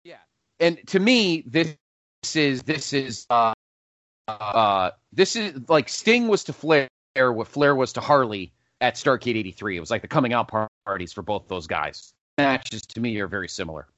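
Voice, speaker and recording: A podcast host runs through a casual countdown, rambling, correcting himself, and staying animated throughout. His voice is medium-pitched at a normal speed, and the audio is dull with no echo.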